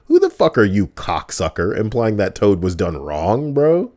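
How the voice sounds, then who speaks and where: A man's voice: lowish voice, sing-song, normal speed, a little mellow. A young man streaming casually, teasing and arguing with plenty of swearing. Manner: profane, teasing, argumentative. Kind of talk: casual live-stream chat.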